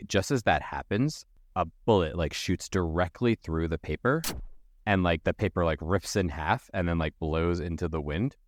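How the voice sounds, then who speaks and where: A man's voice: low voice, normal speed, a little hiss or hum. A man running an improvised tabletop role-play as game master, telling the story loosely with lots of fillers.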